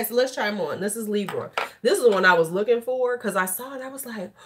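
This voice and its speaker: A woman's voice: medium pitch, fairly bright tone. A middle-aged woman hosting a casual beauty livestream, tipsy and chatty, swearing and laughing freely as she talks. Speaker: beauty YouTuber.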